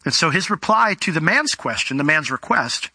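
A man preaching a sermon in an animated way, slowing down and speeding up as he tells a Bible story. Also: on the high side, slightly rough, no echo. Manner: animated, acts out quoted voices, varies pace.

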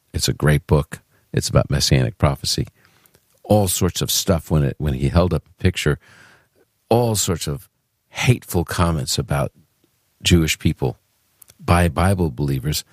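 Radio call-in host, man, New York accent, very deep and dry, chatty. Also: dry recording. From Brooklyn, New York. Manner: chatty, informal, with fillers and restarts.

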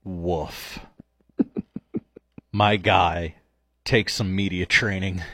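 A man's voice: deep voice, fairly even intonation, drawn-out words, a bit bright, dry recording. A man co-hosting a casual sports talk show, teasing his partner with dry humor. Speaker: co-host.

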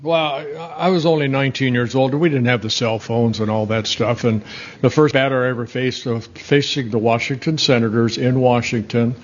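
A man's voice: medium pitch, steady tone, moderate pace, husky. Older man, rambling story, dull audio. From Netherlands. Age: 70s. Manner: rambling, self-correcting, chuckling anecdotes. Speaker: guest, former pitcher. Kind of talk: casual storytelling interview.

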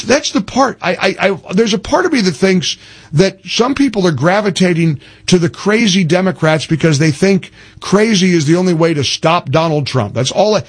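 A man in his sixties hosting a political talk radio show, emphatic, spelling things out slowly and restarting his sentences. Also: a little high, breathy edge. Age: 60s.

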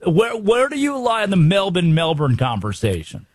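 A man from the United States hosting a sports radio show, running through games quickly and emphatically. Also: high-pitched, huge pitch swings, no room sound. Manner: rapid, emphatic rundown of games.

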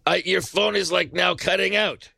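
Radio host guy, bright sharp voice, dry sarcastic jokes at the caller. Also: high-pitched, moderate pace, gravelly, no room sound. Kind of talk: late-night call-in radio.

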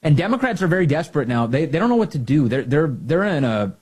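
A man hosts a commentary monologue in a husky voice. His pitch swings widely as he hammers points home with sarcasm and emphatic, combative bite. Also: very animated, fast, a little mellow. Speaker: political commentator.

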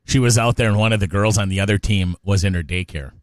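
A man's voice: on the low side, fast, no room sound, clean studio sound. A man hosting a morning radio show, joking with his co-host and reading station promos. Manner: lively, jokey, reads station promos. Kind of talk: casual radio chat.

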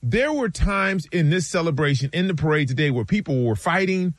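Animated male sports talk co-host, dry studio. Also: fairly high pitch, a little fast, dry recording. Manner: animated storytelling, acts out friends' lines.

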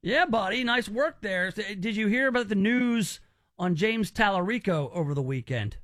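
A man's voice: sits high, animated, normal speed, a bit bright, dry recording. A male radio host running a call-in game, teasing and bantering with energy.

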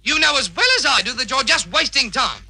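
An actor playing a flustered, stammering schoolteacher in a vintage radio comedy. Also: male voice, extremely high pitch, animated, brisk, creaky, pushed and bright, slightly rough, exaggerated voice. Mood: exasperated. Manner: stammering, sputtering repeats.

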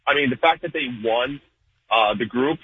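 A man's voice: mid-range voice, breathy edge. A man from New Jersey calling in to a sports talk show, talking at length with lots of fillers. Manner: fast, rambling, with many fillers. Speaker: caller. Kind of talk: casual call-in sports chat. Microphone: phone. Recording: phone line.

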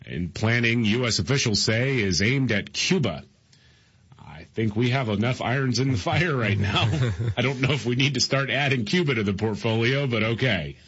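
A man's voice: medium pitch, expressive, normal speed, a bit bright, slightly rough. A man co-hosting a talk show, running down news stories in a casual, chatty way with plenty of fillers. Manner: laughs often, filler-heavy delivery. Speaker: co-host reading news stories. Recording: dull lo-fi audio.

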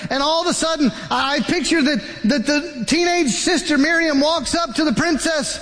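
A man preaching a sermon, retelling a Bible story as an animated storyteller. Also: very high-pitched, moderate pace, long reverb tail. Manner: animated storyteller, acts out the characters.

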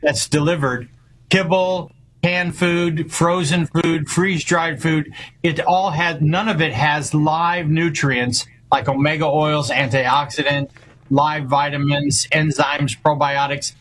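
A man's voice: a little high, steady tone, takes it slowly, a bit bright, rough recording. A man appearing as a radio show guest who founded a company, speaking confidently in a promotional tone.

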